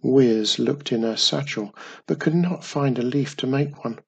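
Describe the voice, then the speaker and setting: A man narrating a children's story in a gentle, expressive way. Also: medium pitch, unhurried, creaky, husky.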